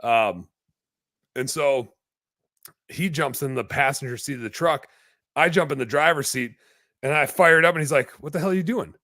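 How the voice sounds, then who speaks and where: A young man telling a story on a podcast in a casual, animated way, swearing freely and acting out quotes. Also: mid-range voice, normal speed, long pauses, dry recording, clean studio sound. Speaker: podcast guest.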